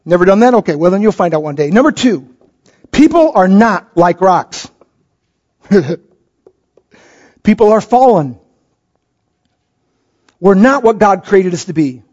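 Taking it slowly with long pauses, a middle-aged pastor delivers a sermon in a high-pitched, slightly mellow, very animated voice. He tells stories with energy and acts out quoted voices; the lo-fi recording sounds dull.

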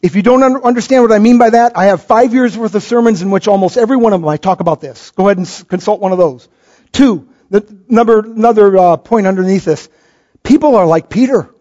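High-voiced pastor, lively storytelling. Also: male voice. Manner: animated storytelling, acts out quoted voices. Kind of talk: sermon. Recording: dull lo-fi recording.

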